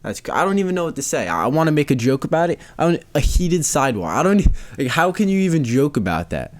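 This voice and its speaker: A man's voice: fairly high pitch, very animated, fast. A man hosting a casual solo podcast, rambling and repeating himself in disbelief. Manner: rambling, repeats phrases, incredulous. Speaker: podcast host.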